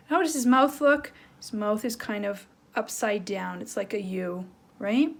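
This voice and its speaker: A woman teacher giving a playful, animated lesson to young children, checking in with "right?" as she draws. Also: fairly high pitch, moderate pace. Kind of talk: children's lesson, drawing along.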